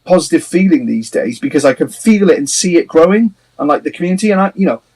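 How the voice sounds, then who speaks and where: Husky-voiced man chatting. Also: fairly high pitch, lively intonation, fast talker, darkish tone, rough recording. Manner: rambling, laughs often, swears casually. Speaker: band member hosting a livestream. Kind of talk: casual chat.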